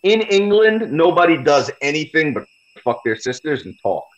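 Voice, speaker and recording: A man's voice: a little high, big pitch swings, moderate pace. A man, a podcast guest, telling a story in a blunt, heavily profane, casual way. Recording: slightly dull lo-fi audio.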